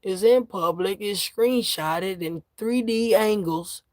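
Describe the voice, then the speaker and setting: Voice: mid-range voice, slow, dry recording, studio quality. A vlogger from New York ranting to camera in casual, profane street slang, heated and laughing by turns.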